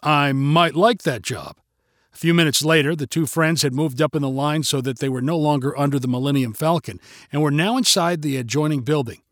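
A man narrating a story in a steady, measured reading voice on a close mic. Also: on the high side, dry recording.

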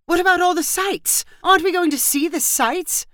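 A woman's voice: sing-song, normal speed, no echo, clean studio sound. A woman voicing an exasperated British wife and mother who pleads and scolds. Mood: alarmed. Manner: pleading, then shrill and scolding.

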